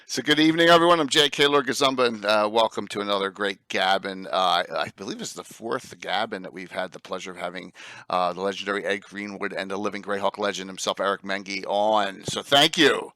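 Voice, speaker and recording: Male host, South Jersey accent, bright forward voice, dry close mic, chatty with many fillers. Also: sits low, steady tone, brisk, no echo. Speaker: podcast host. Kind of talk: casual chat.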